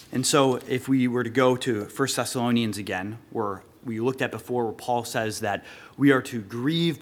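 A man's voice: medium pitch, fairly bright tone. A man preaching an earnest sermon, rising with emphasis when he quotes scripture. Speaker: pastor.

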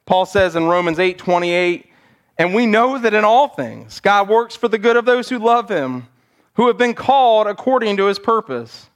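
High-voiced preaching man. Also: lively intonation, normal speed. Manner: earnest, acts out quotes animatedly. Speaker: pastor. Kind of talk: sermon. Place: church sanctuary.

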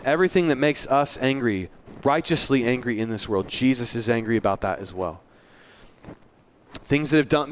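A man's voice: medium pitch, slight background noise. A male pastor giving a sermon in a church, earnest and conversational, with self-deprecating asides.

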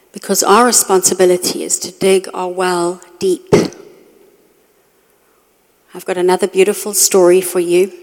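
A middle-aged woman giving a storytelling sermon to a women's group, animated when acting out her own reactions. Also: fairly low pitch. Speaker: women's ministry speaker. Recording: long reverb of a hall.

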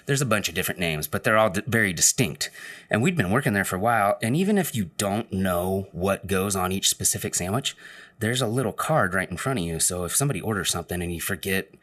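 A man's voice: deep voice, lively intonation, fast, fairly bright tone. A man telling a personal story in casual storytelling style, rambling, with frequent fillers and restarts.

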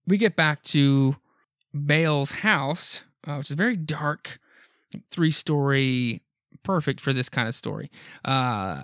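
A man's voice: fairly high pitch, a bit bright, clean tone, no room sound, studio quality. A man hosting a podcast, casually retelling a horror comic with lots of ums and offhand asides. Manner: rambling, frequent ums and asides. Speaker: podcast host. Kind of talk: casual comic book recap.

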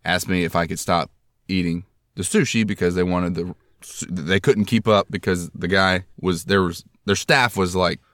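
Male podcast host, deep voice, self-deprecating storyteller, dry close mic. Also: fairly even intonation, moderate pace, fairly bright tone, dry recording. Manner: rambling, self-deprecating, jokey.

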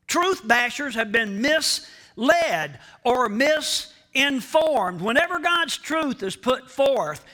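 A man preaching a sermon as pastor, slow and emphatic, repeating key phrases and speaking straight to the congregation. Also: extremely high pitch, animated, bright, forceful tone. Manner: addresses the congregation directly.

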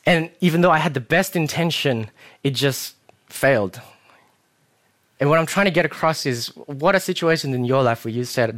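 A young man preaching a casual sermon, telling self-mocking stories with animated asides. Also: fairly high pitch, normal speed.

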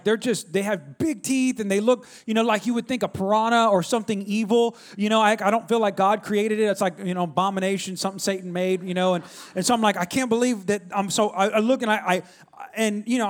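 High-voiced man preaching with lively storytelling. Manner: storytelling, animated, calls out to the congregation. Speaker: pastor. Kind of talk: sermon.

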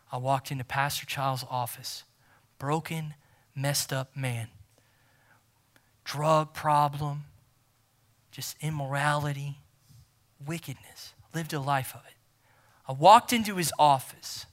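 A man preaching a sermon as pastor, emphatic and repeating key phrases, swinging from loud to near-whisper. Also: a little high, slow, long pauses.

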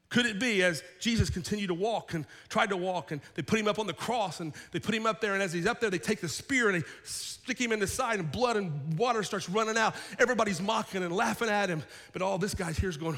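High-voiced man preaching in a big hall. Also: brisk, fairly bright tone, soft background music. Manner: dramatic storytelling, acting out biblical characters; repeats words, restarts phrases. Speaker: pastor. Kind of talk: sermon. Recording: long hall reverb.

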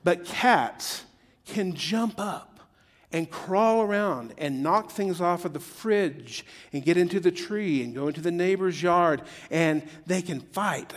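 A man's voice: high-pitched, takes it slowly, big-room sound. A middle-aged man preaching a sermon in a joking, conversational way that builds to emphatic peaks. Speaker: pastor.

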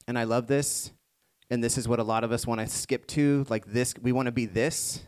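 A man preaching a sermon to a congregation, moving between hushed reflective passages and rising emphatic ones. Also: mid-range voice, steady tone, normal speed, clean tone. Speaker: pastor.

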